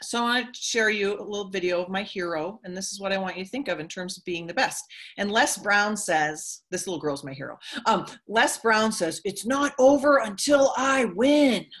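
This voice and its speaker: A middle-aged woman giving a motivational talk to a group, telling stories and acting out quotes with big jumps in her voice. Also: a little fast. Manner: animated storytelling, acts out quotes with big pitch jumps. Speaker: motivational speaker.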